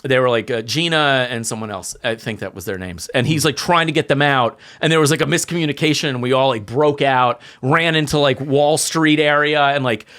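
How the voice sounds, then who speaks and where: A man, telling lively stories as a podcast guest and acting out what people said. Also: mid-range voice, a little fast, hardly any pauses. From New York. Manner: animated storyteller acting out quotes, many fillers. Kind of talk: casual storytelling chat.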